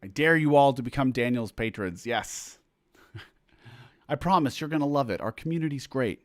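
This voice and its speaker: A man's voice: medium pitch, animated, moderate pace. A man chats casually on a livestream from a room at home, reading viewer comments aloud and trailing into rambling asides full of fillers. His voice sits in an ordinary middle range. The sound is dry, with little room echo. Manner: rambling, chatty, self-interrupting with fillers. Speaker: musician hosting a livestream for supporters.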